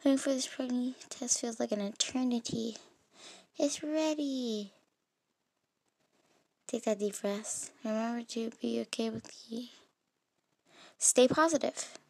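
A woman reading an interactive story game aloud as its heroine, in an expressive, dramatic way. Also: fairly high pitch, measured pace, gravelly, pauses often, dry recording. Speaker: game player voicing the protagonist.

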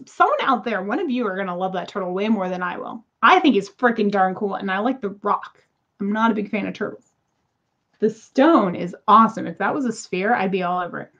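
Woman in her 30s chatting to viewers, gravelly voice, kinda exasperated, dull-ish home recording. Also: medium pitch. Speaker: crystal seller. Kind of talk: casual unboxing chat.

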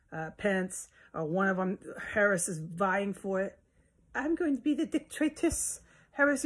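A woman's voice: on the low side, slightly rough. A woman vlogging from her house in a rambling, agitated monologue, swearing often and jumping between topics. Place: at home in a house.

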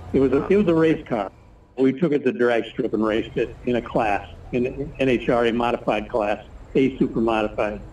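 A man's voice: mid-range voice, warm tone. A man in his seventies, a retired engineer, telling rambling stories in a casual interview and acting out what others said. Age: 70s. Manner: rambling anecdotal storyteller, acts out others' lines. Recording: distant mic with background noise, poor quality.

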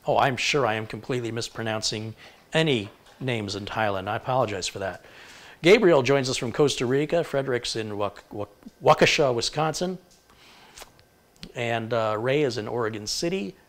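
A man of average pitch hosts a live tech stream, rattling off the towns and countries his viewers are watching from. He moves briskly down the list and stumbles now and then over an unfamiliar name. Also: animated. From Michigan. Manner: reads out place names briskly, stumbles over pronunciations. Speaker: tech livestream host. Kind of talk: live stream, reading viewer shout-outs.

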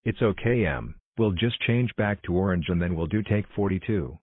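Exclamatory man narrating homemade bloopers, low voice, muffled lo-fi audio. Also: animated, background noise. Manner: exclamatory, hurried, calling cuts and takes. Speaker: creator directing a logo blooper video. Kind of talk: scripted fan cartoon narration.

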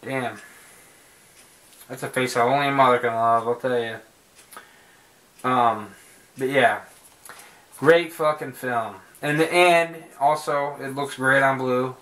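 A man's voice: medium pitch, fairly even intonation, takes it slowly, long pauses, fairly bright tone. Rambling, cursing man reviewing a movie. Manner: rambling, profane and jokey, with frequent fillers. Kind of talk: casual home video review.

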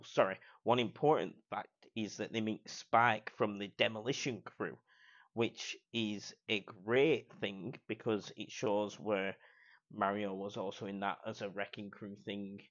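A man's voice: on the low side, fairly bright tone. A man giving a casual, enthusiastic film review, piling on praise and repeating words. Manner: enthusiastic, repeats praise words, quotes scenes in put-on voices. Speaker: movie reviewer. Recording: dull lo-fi recording.

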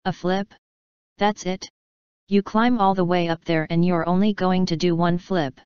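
A woman's voice: on the low side, steady tone, measured pace, darkish tone, clear, resonant tone, no echo, lightly acted. Bantering young woman, read by a woman, dry and a bit dull. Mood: sassy. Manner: sarcastic, bantering. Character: sassy, quick-witted young woman. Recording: dry, slightly dull studio recording.

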